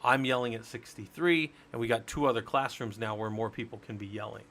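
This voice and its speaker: A man in mid pitch teaches networking on a relaxed live stream. He walks through each step in a chatty way and banters with his viewers as he goes. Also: a little fast. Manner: chatty, explains step by step, jokes with chat. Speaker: live-stream Linux instructor.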